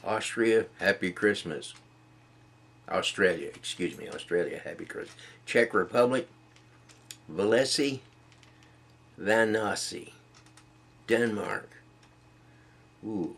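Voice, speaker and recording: Middle-aged man, slow and deep-voiced, stumbling and self-deprecating as he reads aloud. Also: a bit bright. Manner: reads greetings haltingly, stumbling over foreign words. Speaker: video blogger. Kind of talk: casual reading to camera.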